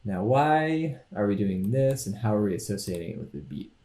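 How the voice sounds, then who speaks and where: A man teaching a coding lecture over his screen, explaining each step in a relaxed, thinking-aloud way. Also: fairly low pitch, normal speed, roomy sound. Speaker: instructor.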